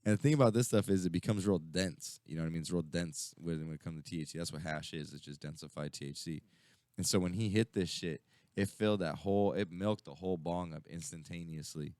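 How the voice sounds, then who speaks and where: Low-voiced man rambling profanely. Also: fairly quick, a little mellow, no echo, clean studio sound. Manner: rambling, profane storytelling with many fillers. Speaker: radio show co-host. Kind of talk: casual stoner chat.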